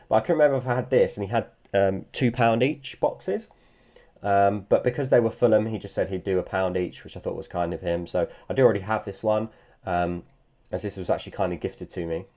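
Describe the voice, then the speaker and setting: A man's voice: on the low side, dark tone. A man talking casually about his card collection, rambling and repeating himself with many fillers. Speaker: sports card collector vlogger. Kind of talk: casual chat.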